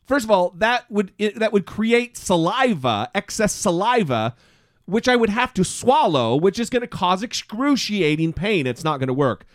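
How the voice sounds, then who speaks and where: A man co-hosting a podcast in casual chat, his voice hoarse from illness, telling stories animatedly and swearing freely. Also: sits high, big pitch swings, moderate pace, no echo, clean studio sound. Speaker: podcast co-host.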